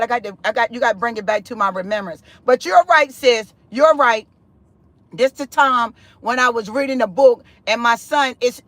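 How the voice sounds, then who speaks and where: A woman tells a spiritual story in a loose, chatty way, her pitch swinging wide as she acts out what she said. She often calls the listener "honey" and "sis". Her voice comes through a close, dry mic with no room sound. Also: no room sound. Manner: expressive and chatty, with big pitch swings and laughter; loose conversational speech with frequent "honey" and "sis". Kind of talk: animated spiritual testimony.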